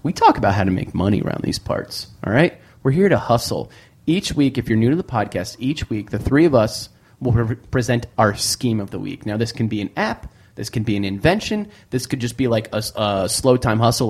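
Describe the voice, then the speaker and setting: Young male podcast host, animated and profane, mid-pitched. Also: a little fast, breathy edge. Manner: animated, profane storytelling with mock chanting. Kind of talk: casual comedic podcast chat.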